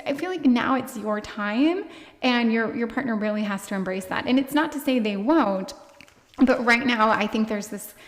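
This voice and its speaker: A woman's voice: medium pitch, big-room sound. A woman giving a casual tarot card reading to viewers, rambling and searching for words with lots of fillers. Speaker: tarot reader.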